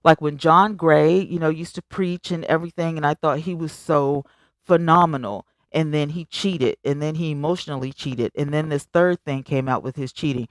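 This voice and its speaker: A woman at normal speed hosts a live stream, casually and emphatically chatting with viewers and voicing their comments. Animated and chatty, she swings high on exclamations and talks directly to them. No echo, clean studio sound.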